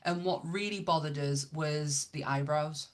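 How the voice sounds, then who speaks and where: A woman with a fairly low voice hosts a podcast. Her casual chat is blunt and chatty, and she swears freely. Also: unhurried. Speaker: podcast host.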